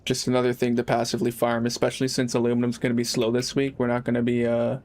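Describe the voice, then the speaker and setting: A man's voice: mid-range voice, monotone, fast, darkish tone. A young man chatting casually while streaming a game, rambling and laid-back, swearing freely. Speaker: live streamer. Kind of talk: casual gaming livestream chat.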